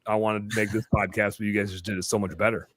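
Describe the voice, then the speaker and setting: Guy hosting a live podcast, rambly and hyped, kinda low voice, super dry mic. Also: fast talker, no echo. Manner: rambling, excitable, swears. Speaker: podcast host. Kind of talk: casual live podcast chat.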